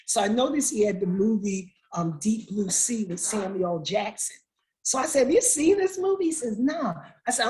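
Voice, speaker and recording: Captured on a low-quality recording, a middle-aged woman with a voice on the high side shares her personal story as an interview guest. She's the mother of an incarcerated son, and she relives the exchanges with feeling, acting out each line.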